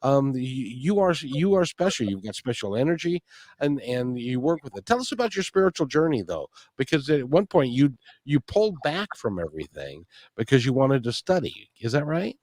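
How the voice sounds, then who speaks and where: A man's voice: mid-range voice, big pitch swings, normal speed, darkish tone, no room sound. An earnest male radio host with a mid-range voice heaps praise on his guest. His voice sounds dry and close, with no room around it. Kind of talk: radio interview.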